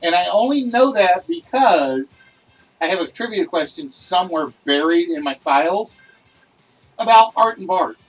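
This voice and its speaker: A man hosting a livestreamed list game show, talking loudly and excitably and chatting with his viewers. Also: sits high, a little slow, far from the mic, poor audio.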